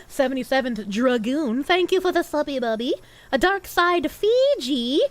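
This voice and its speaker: A young woman streams live, reading viewer gifts aloud and chatting loosely. Her voice sits high and swoops all over the place, jumping from loud squeals to low grumbles. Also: sing-song, moderate pace, no echo. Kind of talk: casual live-stream chat reading donations.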